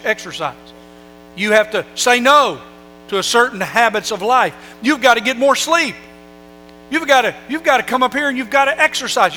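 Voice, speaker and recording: A pastor preaching a sermon, building emphasis through rhetorical questions and scripture readings. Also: male voice, high voice, sharp tone. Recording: long hall reverb with faint music. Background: faint music and mains hum.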